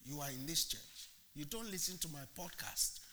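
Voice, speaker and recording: A male pastor preaching an animated sermon in church, asking the congregation rhetorical questions and swinging from loud to hushed. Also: on the high side, moderate pace, slight background noise.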